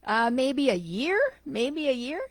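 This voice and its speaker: Brief: a woman putting on a drawling male Australian taxi driver, attempted Aussie accent, pitched up high, dry and unhurried. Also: expressive, no echo, heavily acted.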